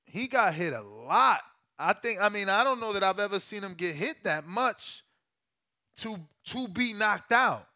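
A man hosting a live stream, reacting to a fight with loud, profane exclamations. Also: high-pitched, a little slow. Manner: excitable, profane, shouts and exclaims.

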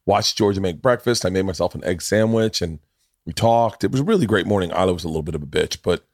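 A middle-aged man hosts a podcast in a loose, rambling way. He swears freely and jumps into other people's voices as he tells his stories. His voice sits fairly low, and the sound is dry and close. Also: lively intonation, fast talker, darkish tone, dry recording. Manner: rambling, profane storytelling that acts out other people's lines. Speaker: podcast host. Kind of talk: casual chat.

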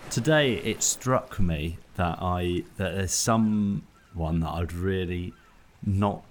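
A man co-hosting a comedy podcast, talking in an animated, rambling way and laughing at himself. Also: low-pitched, slow pace, a little hiss or hum. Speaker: podcast co-host. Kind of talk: casual comedic chat.

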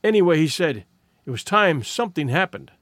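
A man narrating a classic short story in an expressive storytelling delivery. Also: on the high side, brisk, no echo, studio quality. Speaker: audiobook narrator.

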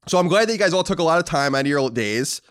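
An American man co-hosts a casual podcast, reading listener emails and teasing the writers with mock indignation. His voice sits a little high and moves a lot. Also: fast, clear, resonant tone. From United States. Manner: animated, mock-indignant and joking. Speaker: podcast co-host.

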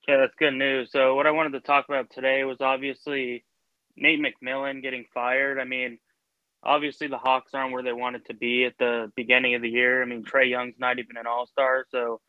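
A male caller on a sports radio show who speaks flatly and trails off at the end of sentences. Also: medium pitch, normal speed, no echo. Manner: flat, trails off at sentence ends. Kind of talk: phone-in call. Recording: tinny phone line.

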